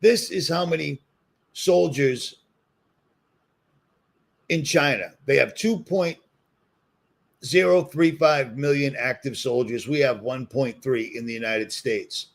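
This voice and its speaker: Gravelly Boston man ranting heatedly. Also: mid-range voice, slow, long pauses. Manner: ranting, emphatic, repeats points. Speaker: commentary vlogger. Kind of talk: heated solo commentary.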